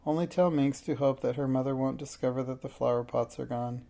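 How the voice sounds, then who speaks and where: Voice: medium pitch, steady tone, a little fast, gravelly, close to an everyday voice. A reader doing a kindly fussy old grandma. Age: older. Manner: warm, reassuring, slightly fussy. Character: kindly busy old grandmother baking a cake. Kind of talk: storybook read aloud.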